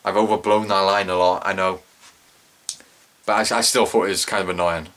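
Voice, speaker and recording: A man's voice: deep voice, flat delivery, fairly quick, a bit bright. A young man giving a casual solo review of a TV episode, rambling and correcting himself, with exaggerated cringing asides.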